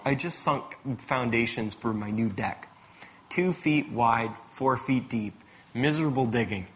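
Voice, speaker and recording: A man's voice: mid-range voice, unhurried, a bit bright. A man preaching a casual, conversational sermon, mixing in chatty asides.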